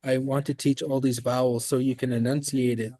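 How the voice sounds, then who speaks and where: Guy teaching a class, laid back and patient, dry close sound, normal pitch. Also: a little fast, no echo. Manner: relaxed, explains patiently with fillers. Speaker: language instructor.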